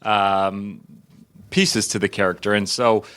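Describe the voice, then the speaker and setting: A man's voice: lowish voice, fairly even intonation, takes it slowly, a bit bright, clear, resonant tone. Laughing, chatty male actor guest. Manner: chatty, laughs often, many fillers and restarts. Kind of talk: casual interview chat.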